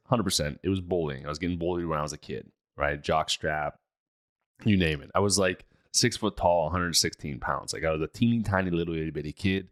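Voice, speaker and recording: Low-voiced man hosting a motivational talk. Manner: energetic, conversational, with fillers and asides. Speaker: podcast host.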